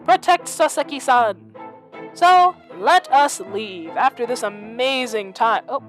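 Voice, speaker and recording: A woman's voice: fairly high pitch, lively intonation, takes it slowly, soft background music. A young woman streaming a game, joking casually between voiced lines of dialogue. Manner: playful, joking asides.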